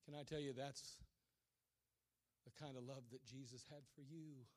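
A male preacher giving a sermon, telling a story dramatically and swinging from hushed lines to shouted ones. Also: medium pitch, steady tone, moderate pace.

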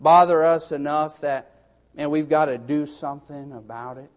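A man's voice: a little high, steady tone, normal speed. A man preaching a sermon with fervor. He punctuates nearly every line with "hey" and builds into urgent exhortations. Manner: fervent, punctuates lines with repeated "hey".

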